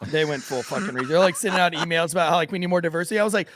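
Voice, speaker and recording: A police officer who hosts a podcast speaks rapid-fire at a fairly high pitch, his voice a bit bright against slight background noise. In casual banter he tells profane, laughing stories from police work, acting out the people involved.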